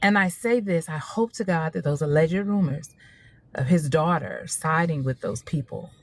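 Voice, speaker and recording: A woman, talking in a casual opinion monologue, animated, laughing often and repeating herself for emphasis. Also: deep voice, normal speed. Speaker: social media host.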